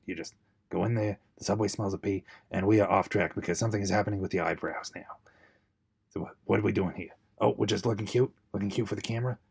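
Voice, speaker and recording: A young man riffs his way through a makeup video in a sarcastic, rambling voice-over. His low voice is husky, with plenty of gravelly fry. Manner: sarcastic, rambling, mock-tutorial asides. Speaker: husband narrating his wife's makeup video. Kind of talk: joking improvised voice-over.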